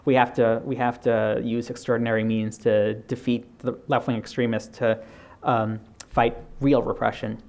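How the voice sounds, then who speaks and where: A man's voice: medium pitch, flat delivery, moderate pace, creaky, darkish tone. A man giving a keynote lecture on political history, reading out quotes and speaking with frequent fillers and restarts. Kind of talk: academic lecture. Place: lecture hall.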